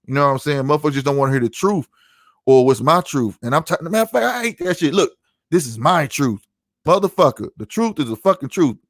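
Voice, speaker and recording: A man's voice: on the high side, animated, quick pace, dry recording, clean studio sound. A middle-aged man hosting his own podcast, ranting in a heated, profane, emphatic way to his live chat. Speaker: podcast host. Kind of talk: heated solo livestream rant.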